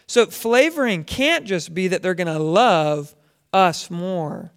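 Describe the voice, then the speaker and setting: A man's voice: sits high, expressive, takes it slowly, smooth. A man teaching a Bible lesson as a conversational sermon, asking his listeners questions as he goes. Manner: conversational, asks the audience questions. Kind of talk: sermon to a congregation.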